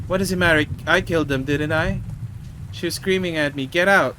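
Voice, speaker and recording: A man's voice: fairly high pitch, a little fast, sharp tone, a little hiss or hum, poor audio. A man voicing a distraught sixteen-year-old boy who shot someone, reading his lines aloud in a pleading, breaking tone. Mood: despairing. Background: game music and rain.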